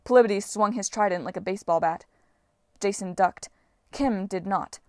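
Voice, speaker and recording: A woman narrates a novel aloud in a steady storytelling voice. Her pitch sits in a middle range, and the recording is dry and close with no room echo. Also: moderate pace. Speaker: audiobook reader. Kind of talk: fan audiobook narration.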